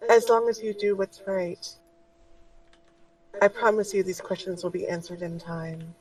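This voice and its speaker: A gentle, compassionate spirit, as a woman game master puts her on speaks in a soft, hushed voice, calm and caring. The sound has a slightly distant quality, as if the voice sits back from the mic. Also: medium pitch, measured pace, natural voice. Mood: gentle, soothing. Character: kind feminine spirit voice, guiding and compassionate.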